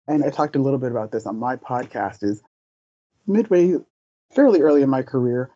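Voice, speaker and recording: Thoughtful man with a mellow voice. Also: medium pitch, lively intonation, brisk, dry recording, muffled recording. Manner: earnest, thoughtful storytelling. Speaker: guest. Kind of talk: reflective interview talk.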